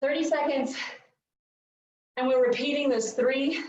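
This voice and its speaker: High-pitched fitness coach lady, out of breath, whooping thru countdowns, super echoey room, far off the mic. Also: fairly even intonation, a little slow, darkish tone. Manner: upbeat cueing with countdowns and whoops. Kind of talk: live workout instruction. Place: large fitness studio. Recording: echoey, distant, dull studio recording.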